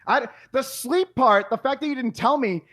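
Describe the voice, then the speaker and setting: High-pitched man ranting in fury. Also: normal speed. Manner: yelling, exasperated, profane rants. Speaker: podcast host. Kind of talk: heated podcast argument.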